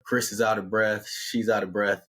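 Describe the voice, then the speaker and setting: A man telling a story in a casual, conversational way, acting out the characters with lively delivery. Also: on the low side, normal speed, breathy edge. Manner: conversational, animated, acts out characters.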